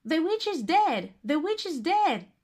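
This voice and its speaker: A woman voicing a little girl in a storybook reading, excitable and exclaiming. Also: high-pitched, a little slow, slightly rough, full character voice. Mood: excited. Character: little girl Gretel, frightened then joyful.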